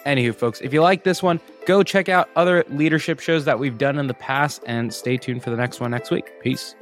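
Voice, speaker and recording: A man's voice: mid-range voice, brisk, music in the background. A man hosting a podcast, casual and joking in an upbeat way. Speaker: podcast host.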